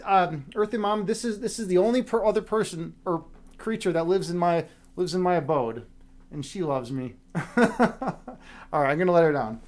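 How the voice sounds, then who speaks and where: A man with a fairly high voice chats loosely to his live-stream viewers from home. He rambles in a friendly, playful way, often restarting his sentences as he goes, recorded on a webcam mic. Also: lively intonation, moderate pace, darkish tone. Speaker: livestream meditation host. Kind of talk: casual live-stream chat.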